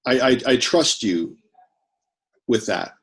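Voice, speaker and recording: A man's voice: medium pitch, expressive, slow pace. A man speaking in character as a tabletop game player, earnest and cautious.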